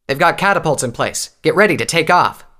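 A man's voice: animated, fairly quick. A man doing a barking female pegasus captain. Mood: barking orders. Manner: shouted commands, much higher than his own voice.

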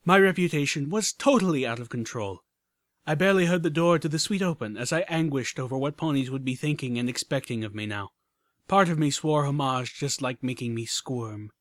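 A man reading a story aloud as an audiobook narrator, measured and even. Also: medium pitch, no room sound, clean studio sound. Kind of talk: scripted narration.

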